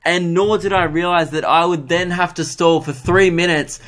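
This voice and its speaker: A man's voice: a little high, steady tone, moderate pace, fairly bright tone. A man, a comedian hosting his own podcast, telling a funny story in an exasperated, ranting, self-mocking way.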